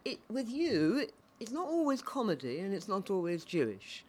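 A woman hosts a podcast interview, asking her guest long, meandering questions full of restarts. Her pitch sits in a middle range. A faint hiss runs under her voice. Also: sing-song, normal speed, a little mellow. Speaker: podcast host. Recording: faint background noise.

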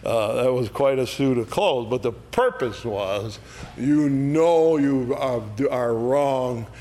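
A man's voice: medium pitch, slow. A man leading an adult Bible study, explaining verses in a conversational way and often checking in with "all right?". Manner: explains verses by acting out lively quoted voices. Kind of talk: unscripted Bible study teaching.

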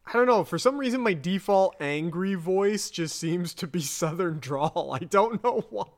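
A man's voice: high voice, lively intonation, normal speed. Chatty man recapping an episode. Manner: chatty, laughing, swears. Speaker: podcast co-host.

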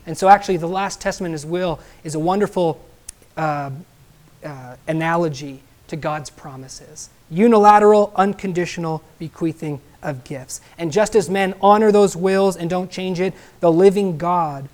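A man's voice: on the high side, moderate pace, a little mellow. Male pastor, emphatic expository sermon, keeps checking in with "right?".

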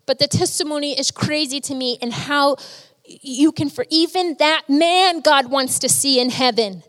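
Lady preaching, high voice, earnest and emotional, big echoey hall. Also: normal speed, fairly bright tone. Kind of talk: sermon.

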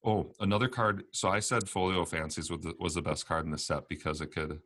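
A man with a very low voice rambles through casual card game talk as a podcast co-host. He laughs easily and lets his sentences trail off. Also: fairly even intonation, a little fast, fairly bright tone.

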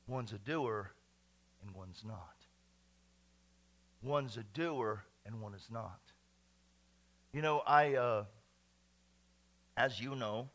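A man preaching a sermon to his church, swinging from hushed, whispered lines to loud, shouted passages. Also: medium pitch. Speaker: pastor. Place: church sanctuary.

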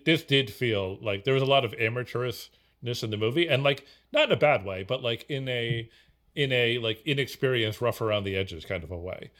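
A man's voice: mid-range voice, brisk, a bit bright. A man co-hosting a casual film podcast, rambling with many fillers and restarts. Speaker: podcast co-host.

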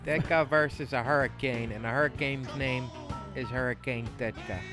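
A man putting on a boastful, loud Chicago sports superfan voice in a talk-radio bit. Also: medium pitch, steady tone, normal speed, music in the background, close to an everyday voice. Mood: blustering. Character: blustery loudmouth male Chicago sports superfan.

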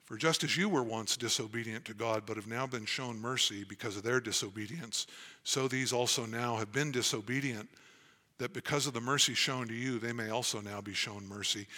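A man's voice: medium pitch, brisk, bright, forceful tone. A man preaching a sermon as pastor, earnest and emphatic as he reads and explains scripture.

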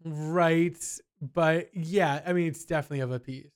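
A young man chatting casually on a podcast, telling stories with lively asides. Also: fairly high pitch, moderate pace, clean tone. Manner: animated storyteller, mimics people in quotes. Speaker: podcast co-host. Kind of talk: casual chat.

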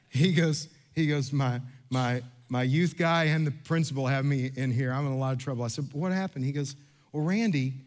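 Pastor, man in his fifties, sermon delivery, animated storyteller, slightly higher voice. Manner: storytelling with lively quoted voices, rising to earnest emphasis.

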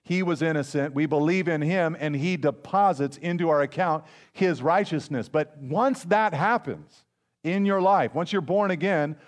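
Higher-voiced pastor preaching conversationally. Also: male voice, normal speed. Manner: conversational preaching with personal stories and repeated phrases. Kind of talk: sermon.

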